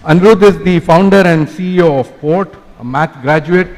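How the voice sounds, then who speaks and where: A man's voice: on the high side, moderate pace, a little mellow. A man moderating a conference session, telling a long anecdote in a chatty way with many fillers. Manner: chatty, fond of fillers like "you know". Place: large conference hall. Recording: long hall reverb.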